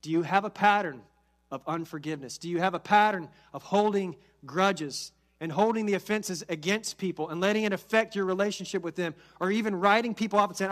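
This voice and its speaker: A pastor preaching a sermon with earnest conviction, building to emphatic peaks and then dropping soft and slow. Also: male voice, high voice. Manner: repeats key phrases, slows for emphasis.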